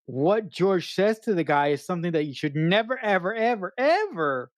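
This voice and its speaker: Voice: medium pitch, lively intonation, fairly quick, a little mellow, no echo, studio quality. A podcast co-host in casual film review chat, earnest and teasing, often restarting sentences.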